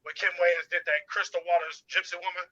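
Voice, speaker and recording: A man chatting casually as a radio show guest, an animated storyteller who acts out voices. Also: high voice, fairly quick, lo-fi sound. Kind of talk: casual chat.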